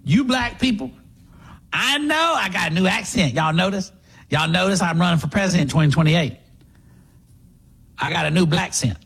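A man's voice: sits high, animated, normal speed, long pauses, a bit bright, breathy edge, exaggerated voice. A man voicing a female politician who fakes a folksy drawl, in a mocking way.

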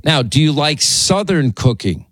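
A man's voice: fairly high pitch, big pitch swings, measured pace, a bit bright, no room sound. A male radio host chatting with callers in a rambling, friendly way, often restarting his sentences, sounding a bit tired. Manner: rambling, chummy, many restarts. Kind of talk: talk radio chat.

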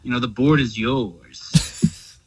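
A man's voice: mid-range voice, steady tone, slow pace, noisy background. A man on a phone call talking in cheesy game-show-host patter. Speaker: caller.

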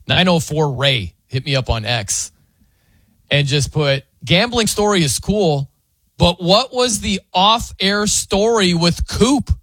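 A man's voice: high voice, expressive, slow pace, fairly bright tone, dry recording, clean studio sound. A man hosting a sports radio show, chatting casually and jokingly with many fillers and restarts. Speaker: sports radio fill-in host. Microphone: studio microphone.

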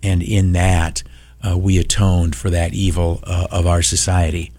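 A man's voice: low voice, level tone, unhurried, a little mellow, husky, no room sound. Male call-in radio host, blunt, opinionated, filler-heavy, in a dead, dry booth. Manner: frank, opinionated, with many uh fillers. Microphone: studio microphone.

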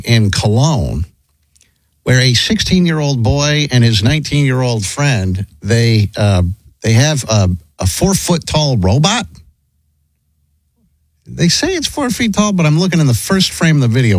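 A man's voice: mid-range voice, very animated, unhurried, slightly rough, no echo. A man hosting a talk radio show, rambling with lots of fillers and chuckling. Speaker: radio host.

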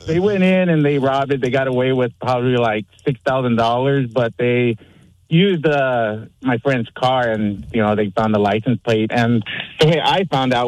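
A man calling in to a radio show who tells a story in an easygoing, relaxed way. His voice is at a middle pitch, and the sound is dry and close. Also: dry recording, rough recording. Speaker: caller. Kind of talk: phone-in storytelling.

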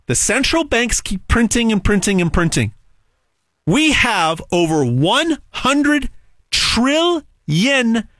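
A man delivering an emphatic, repetitive sales pitch monologue as host. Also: a bit bright, dry recording, clean studio sound.

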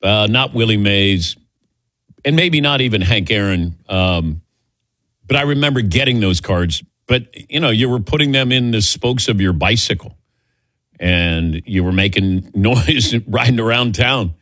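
Lively older male talk radio host. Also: lowish voice, unhurried, no echo, studio quality. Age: 60s. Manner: animated, laughs often, self-deprecating. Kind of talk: casual call-in chat.

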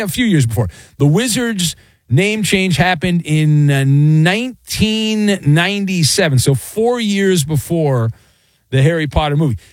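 A man's voice: on the high side, no room sound. A middle-aged man hosting a late-night sports talk radio show, rambling and joking with self-mocking asides. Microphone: studio microphone.

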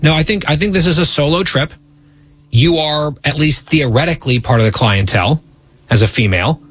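Male radio host, wry and teasing, slightly husky, close dry mic. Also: on the high side, brisk, fairly bright tone, dry recording. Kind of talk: bantering radio talk.

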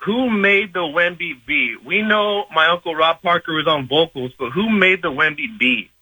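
Friendly caller, bright and stumbling. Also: male voice, on the high side, normal speed, slightly rough, dry recording, poor audio. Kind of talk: call-in radio chat.

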